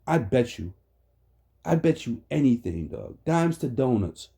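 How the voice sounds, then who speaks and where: A man's voice: mid-range voice, big pitch swings, measured pace, gravelly, mellow. A man giving heated, profane reaction commentary on a debate clip, ranting and laughing often.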